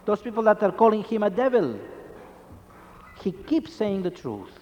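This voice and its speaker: A man's voice: sits high, very animated, normal speed, darkish tone, in a large hall, muffled recording, a little hiss or hum. A man preaching a Catholic sermon, emphatic and full of rhetorical questions.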